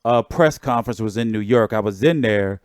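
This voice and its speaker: A man's voice: fairly low pitch, brisk, clean tone, no echo, clean studio sound. A man hosting a boxing channel, talking in a rambling, laid-back way with lots of fillers. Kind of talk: casual livestream commentary.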